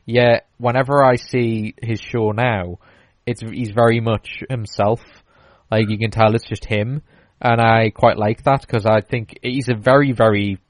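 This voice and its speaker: A man's voice: lowish voice, fairly even intonation, unhurried, dry recording. A man in casual chat, telling a long story with many fillers and restarts.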